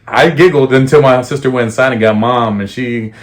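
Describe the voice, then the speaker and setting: A man's voice: medium pitch, fairly quick. A young man co-hosting a podcast, telling childhood stories in casual chat, swearing freely and laughing often. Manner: profane, joking, laughs often. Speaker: podcast co-host.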